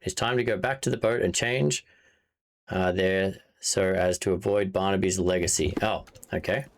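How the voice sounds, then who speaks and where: A man's voice: deep voice, steady tone, normal speed, a little hiss or hum. A man streaming a video game, chatting casually, thinking aloud and reacting with amusement. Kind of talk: casual let's-play commentary.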